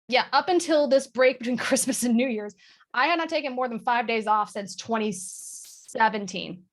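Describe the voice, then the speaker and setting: A woman talking candidly as a guest on a video call, self-mocking and quick to laugh. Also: fairly high pitch. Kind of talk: casual chat on a video call.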